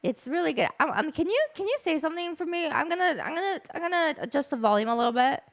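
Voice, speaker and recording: A woman hosting a casual interview stream, excitable and often stumbling over her words. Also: sits high, fast talker. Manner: excitable, stammering restarts. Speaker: streamer host.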